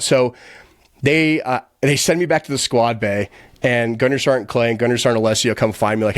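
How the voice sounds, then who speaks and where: Profane, fast-rambling man telling war stories. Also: medium pitch, dry recording, studio quality. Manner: animated, profane, laughs often; quick, rambling, heavy use of filler "like". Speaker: podcast guest. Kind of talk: casual storytelling.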